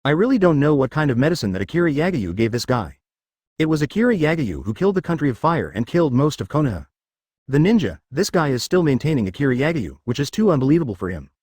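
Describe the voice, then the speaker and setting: A man's voice: on the high side, big pitch swings, fast, darkish tone, husky, dry recording, studio quality. A man reading as an impatient ninja leader. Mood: exasperated. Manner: exasperated, pressing.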